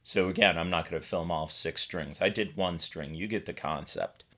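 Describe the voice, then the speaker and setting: A man's voice: low-pitched, normal speed, a bit bright. An American man giving a casual, step-by-step guitar setup tutorial, chatting informally while he works on the instrument. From United States.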